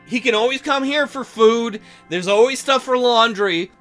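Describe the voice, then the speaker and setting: A man's voice: extremely high pitch, normal speed, fairly bright tone, faint music behind. A man hosting a let's play, reading game text aloud and reacting with sarcastic, profane commentary.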